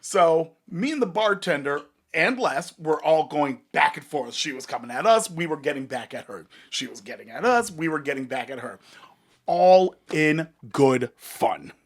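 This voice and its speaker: A young man co-hosting a podcast tells a bar story in casual chat, his voice a little high and at normal speed. He's animated, acting out quotes and swearing freely.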